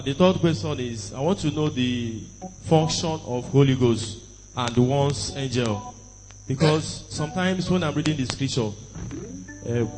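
A man from the congregation politely asking the preacher a question, halting a little and calling him sir. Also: mid-range voice, a little mellow, long reverb tail, low-quality recording.

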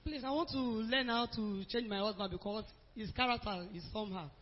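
A woman's voice: on the high side, fairly quick, a little hiss or hum. A woman asking her pastor a question, earnest and hesitant with many fillers. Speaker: congregation member asking a question. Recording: echoey hall, dull lo-fi sound.

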